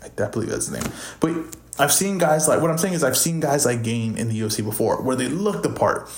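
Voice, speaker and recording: A man's voice: mid-range voice, lively intonation, a little fast, a little hiss or hum. Casual male host, offhand and thinking aloud, trips over names; echoey room. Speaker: podcast host. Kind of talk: casual fight predictions. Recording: roomy echo.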